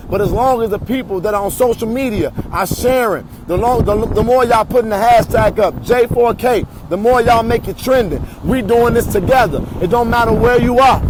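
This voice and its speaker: A high-pitched man delivers a rallying protest speech outdoors, leading chants into a phone. Faint street noise sits under his voice.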